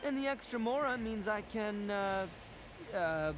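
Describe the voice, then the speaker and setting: An actor voicing a brash, boastful young oni gang boss in a video game, loud and blustering, stammering when he is caught out. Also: sits high, lively intonation, a little slow, noisy background.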